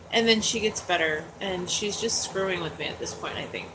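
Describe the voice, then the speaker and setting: A woman's voice: mid-range voice, moderate pace, hardly any pauses. Woman in her 40s just chatting, candid and rambly, lots of likes and ums, noisy recording. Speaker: host. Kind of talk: casual chat. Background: dogs nearby.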